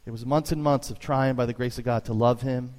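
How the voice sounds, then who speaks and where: A man preaching a sermon as pastor, telling stories with lively emphasis and sudden high jumps in his voice. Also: brisk. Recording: long reverb of a church hall.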